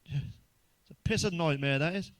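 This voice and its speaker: A middle-aged man tells crude jokes in a blunt monologue. His voice sits slightly high for a man, and he swears constantly as he works through the bits. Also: a little slow, a bit bright. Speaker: stand-up comedian. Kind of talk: crude joke-telling monologue.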